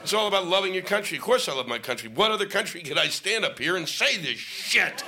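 A man's voice: sits high, expressive, fast talker, crowd noise, noisy background. A male stand-up comic doing a profane, ranting set on stage into a microphone. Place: comedy stage with audience laughing.

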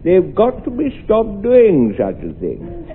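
A man playing a hesitant foreign male colonel with halting speech in a 1950s radio comedy. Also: high voice, huge pitch swings, full character voice. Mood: earnest. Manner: halting, full of uhs. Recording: tinny old radio recording.

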